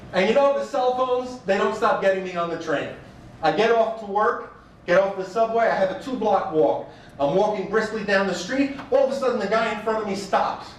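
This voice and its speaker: High-pitched man doing a funny speech, wry and animated, echoey hall, mic far away. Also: slight background noise. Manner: wry, animated storytelling with mock quotes. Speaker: speaker. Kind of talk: stand-up style speech.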